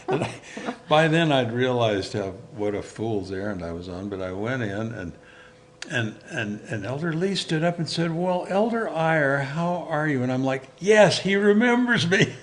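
A man's voice: medium pitch, unhurried. Older man, storytelling guest, mid-range voice, chuckles often, acts out old conversations, faint noise behind. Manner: animated, chuckling, acts out quoted dialogue. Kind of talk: personal anecdote storytelling.

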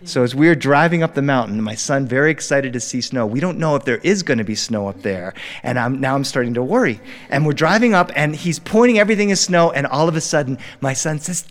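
A middle-aged male storyteller from Delaware, performing live with animated, playful delivery and a somewhat raised voice. His words trail off into a long reverb from the studio hall around a live audience. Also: fairly high pitch, a little fast. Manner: animated, warm, playful, acting out characters.

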